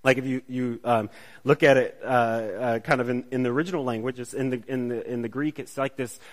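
Speaking briskly with a mid-range voice and fairly even intonation, this preacher keeps his sermon conversational. He keeps asking listeners "right?", starts phrases over, and moves between gentle and forceful delivery.

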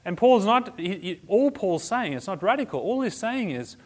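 A man's voice: high-pitched, big pitch swings, normal speed. A man teaching a church group in a conversational style, restarting phrases and adding humorous asides. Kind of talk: informal teaching talk.

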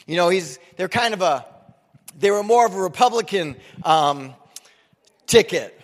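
A man's voice: high-pitched, animated, measured pace, pauses often, in a large hall. A man in his forties preaching a sermon in a casual, joking, conversational way. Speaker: pastor.

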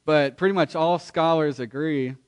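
A man preaching a sermon in church, earnest and emphatic, with pauses and restarts. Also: a little high, smooth. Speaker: pastor. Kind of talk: sermon with scripture reading.

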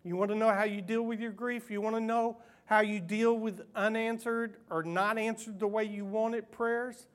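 High-voiced man preaching with animated swings. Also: normal speed, few pauses. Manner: animated and self-mocking, swinging from hushed to loud. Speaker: pastor. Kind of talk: sermon.

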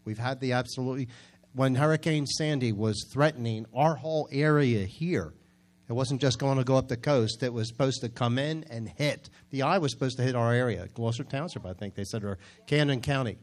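New male pastor, casual storytelling sermon voice with loud emphatic bursts. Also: medium pitch, a little fast. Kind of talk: conversational preaching.

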